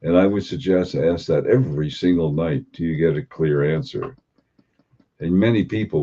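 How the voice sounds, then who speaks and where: A man giving an unhurried spiritual talk as a teacher, posing and repeating rhetorical questions. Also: extremely low pitch, lively intonation, dark tone. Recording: dull lo-fi recording.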